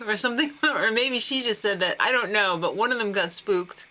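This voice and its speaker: A woman's voice: on the high side, normal speed, hardly any pauses, bright, forceful tone. A woman hosting a casual TV recap, sarcastic and laughing often. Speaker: TV recap host.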